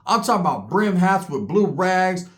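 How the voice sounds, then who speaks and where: A man's voice: sits high, sing-song, normal speed. A man in his forties from California, telling street stories in a casual, profane way with heavy slang. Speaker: storyteller host.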